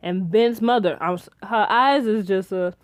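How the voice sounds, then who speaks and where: A woman's voice: mid-range voice, moderate pace, no echo. Chatty young woman recapping a show. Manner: rambling, excitable, many restarts and fillers. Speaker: TV episode reviewer. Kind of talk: casual episode recap and theorizing.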